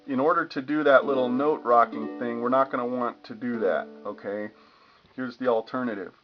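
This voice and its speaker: A man's voice: mid-range voice, steady tone, moderate pace. A man giving a casual guitar lesson, explaining strumming patterns and humming the rhythms as he demonstrates. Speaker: guitar teacher. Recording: lo-fi with guitar playing.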